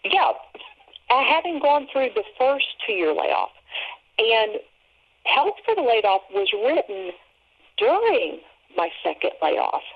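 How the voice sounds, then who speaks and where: Middle-aged lady telling her faith story over a tinny phone line, bit of vocal fry. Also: fairly high pitch, big pitch swings, slow pace, pauses often. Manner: earnest faith testimony. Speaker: author guest. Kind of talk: radio interview. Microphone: telephone.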